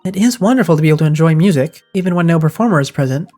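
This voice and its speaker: A man reading as a pompous gentleman detective. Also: a little high, expressive, racing, soft background music. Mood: lofty. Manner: grandiose, wordy, self-assured. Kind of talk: reading game dialogue aloud.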